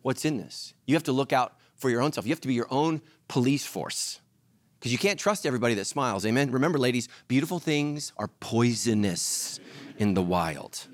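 A middle-aged male pastor preaching a sermon, telling stories and acting out voices with lively energy. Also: medium pitch, a little fast, no room sound. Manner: animated storytelling, acts out voices.

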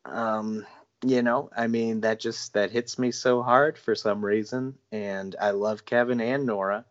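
A man's voice: fairly low pitch, fairly even intonation, a little slow, dull audio. A man guesting on a podcast in casual chat, gushing and enthusiastic.

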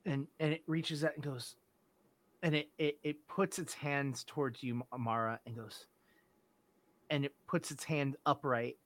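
Slow, bright-voiced male game master. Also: fairly high pitch, steady tone. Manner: deliberate, descriptive, some restarts. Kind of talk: narrating a tabletop game.

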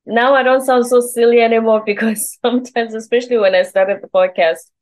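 A woman's voice: on the high side, steady tone, a little fast, darkish tone, rough recording. A woman hosting a podcast, chatting in a friendly way, laughing easily and asking her guest open questions. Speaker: podcast host. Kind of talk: conversational interview.

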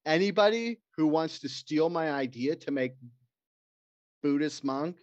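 A man's voice: on the high side, expressive, measured pace, darkish tone, no room sound. A man, co-hosting a podcast in casual banter and spinning crude, joking stories. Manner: crude, joking storyteller who puts on voices. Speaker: podcast co-host. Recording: dry, dull lo-fi sound.

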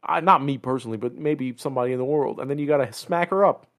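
A man's voice: mid-range voice, fast. A man co-hosting a casual gaming podcast, telling stories with lots of swearing and voiced quotes. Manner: profane, animated storytelling with voiced quotes. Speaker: podcast co-host.

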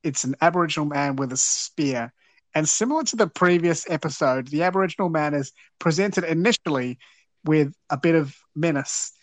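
A man talks through an old episode scene by scene, earnest with wry asides. His voice sits a touch high, and the sound is dry and close. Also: normal speed, no room sound. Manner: earnest, wry, recounting plot. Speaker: podcast host. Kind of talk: casual episode recap.

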